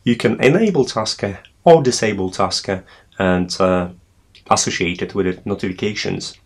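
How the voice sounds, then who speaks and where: Man, tutorial host, very low voice, step-by-step walkthrough, hesitant fillers. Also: moderate pace. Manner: explaining step by step with frequent hesitations.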